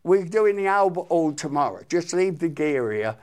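A man's voice: fairly high pitch, expressive, normal speed, a little mellow, voice pushed up, close to an everyday voice. A man voicing a casual, unflappable roadie who shrugs off short notice. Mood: offhand. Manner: offhand, matter-of-fact.

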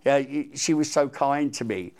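A man's voice: medium pitch, normal speed. An older man, a musician, animatedly telling stories as an interview guest. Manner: animated, excitable anecdote telling. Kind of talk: storytelling interview.

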